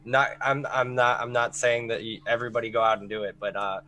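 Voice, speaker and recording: A man appearing as a guest on a gaming stream, talking haltingly with frequent restarts. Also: mid-range voice, steady tone, bright, forceful tone, poor audio. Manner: halting, restarts, laughs easily. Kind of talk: casual gaming stream chat.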